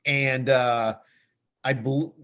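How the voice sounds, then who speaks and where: A man's voice: medium pitch, fairly even intonation, very slow, fairly bright tone, muffled recording. A man hosting a sports picks show in a chatty, jokey, rambling way. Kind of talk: casual sports picks chat.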